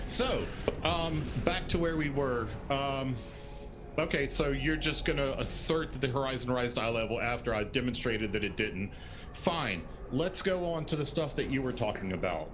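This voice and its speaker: A man's voice: mid-range voice, expressive, moderate pace, noisy background. A man arguing in a livestreamed debate, methodical with frequent fillers. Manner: methodical, filler-heavy rebuttal. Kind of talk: live debate argument.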